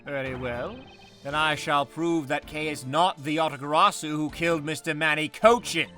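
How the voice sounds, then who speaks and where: Man voicing a calm formal prosecutor, measured, bright tone. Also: a little high, faint music behind, pitched above the performer's own voice. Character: composed male prosecutor, cool and formal.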